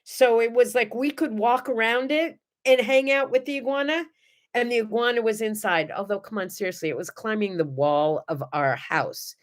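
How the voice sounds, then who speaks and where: Middle-aged woman host, lively and chatty, fairly high pitch, talks straight to viewers. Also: normal speed. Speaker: morning show host. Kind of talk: casual chat and storytelling.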